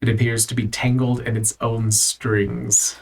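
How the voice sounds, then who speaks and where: A man narrating a tabletop game as its game master, relaxed and loose, with plenty of ums and uhs. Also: mid-range voice, a little slow, creaky.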